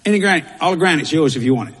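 A male pastor preaches a sermon in a folksy, repetitive style full of Southern turns of phrase, with long hall reverb on the recording. His fairly high voice is husky, a bit bright, animated, and very fast.

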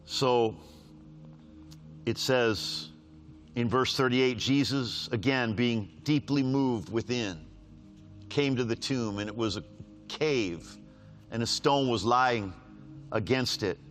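A man preaching a sermon, reading scripture aloud with rising force and dropping to quiet, repeated appeals. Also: slow pace, long pauses, soft background music. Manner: swings from loud raised scripture reading to low hushed pleading; repeats lines for emphasis.

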